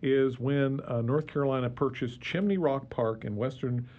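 Man, radio history guest, chuckling, halting, dull lo-fi sound. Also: medium pitch, a little mellow. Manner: chuckling, halting with many fillers. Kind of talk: casual radio chat.

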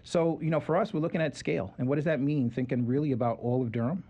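A man being interviewed as president of a children's nonprofit, talking in a conversational, animated way with lots of fillers and restarts. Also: a little high, fast, lo-fi sound. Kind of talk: casual interview.

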